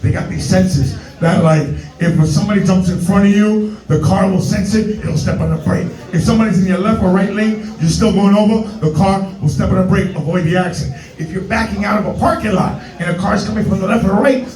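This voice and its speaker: A man's voice: high voice, a little fast, darkish tone, reverberant, far from the mic, soft background music, low-quality recording. A man from New York doing a brash, profane stand-up routine full of street slang and put-on voices. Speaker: stand-up comedian. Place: comedy club stage.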